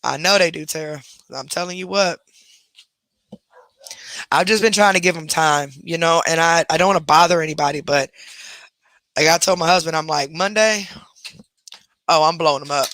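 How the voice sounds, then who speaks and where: A woman's voice: deep voice, normal speed, pauses often, fairly bright tone, slight background noise. Chatty woman rambling on a home livestream. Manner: rambling, chatty, addresses viewers as y'all. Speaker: livestream host. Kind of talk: casual live chat.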